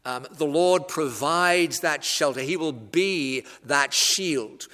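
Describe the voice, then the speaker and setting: Male preacher, explanatory sermon delivery, a touch high-pitched, recorded with long hall reverb. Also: sharp tone. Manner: measured, explanatory, with wry asides. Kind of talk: expository sermon. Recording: echoey hall.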